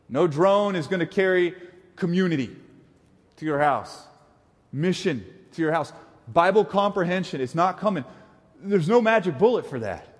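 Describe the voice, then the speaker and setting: A young adult man preaching a sermon, animated, with playful asides and mimicked voices. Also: a little high. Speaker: pastor. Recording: long hall reverb.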